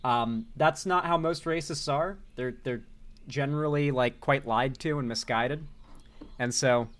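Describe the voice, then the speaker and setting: A man's voice: mid-range voice, a little slow. A man hosting a casual live-stream commentary, loose and chatty, laughing often as he reads out viewer donations.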